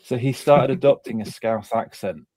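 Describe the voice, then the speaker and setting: A man's voice: medium pitch, moderate pace, mellow, no echo. A man in his forties from Gloucester, telling a rambling, self-deprecating story in casual podcast chat. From Gloucester, England. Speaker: podcast panelist.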